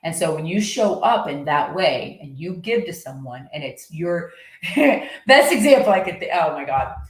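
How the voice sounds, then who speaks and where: A woman talks through coaching ideas in a loose, rambling way, restarting sentences as she goes. Her voice sits on the low side. The room around her is echoey. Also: animated, moderate pace. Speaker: horse-based coach. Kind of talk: casual monologue.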